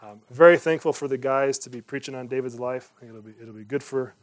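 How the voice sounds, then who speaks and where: A fast-talking man of medium pitch preaches a sermon as a pastor. He stays earnest and conversational, asking rhetorical questions before a fervent closing prayer.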